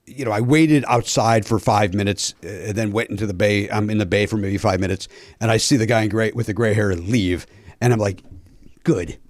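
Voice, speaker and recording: A man's voice: fairly low pitch, fairly quick, no echo. A man hosting a podcast, telling a story in casual chat, acting out the dialogue and swearing. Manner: animated, acts out quoted dialogue, swears. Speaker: podcast host.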